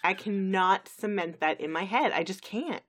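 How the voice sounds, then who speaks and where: A woman's voice: mid-range voice, moderate pace. A woman co-hosting a podcast, chattily recapping an episode in casual conversation with lots of fillers. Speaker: podcast co-host.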